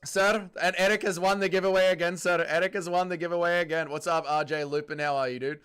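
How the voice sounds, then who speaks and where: A young Australian man hosting a casual livestream, reading out viewer comments with loud laughter and plenty of swearing. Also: high voice, fairly even intonation, fast talker, clear, resonant tone, faint music behind. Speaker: livestream host.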